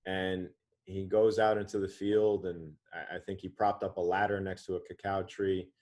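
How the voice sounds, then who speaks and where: Man, 30s, low pitch, author guest, animated storytelling, stumbles and restarts. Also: normal speed. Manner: animated anecdote-telling with frequent restarts. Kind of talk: storytelling in a podcast interview.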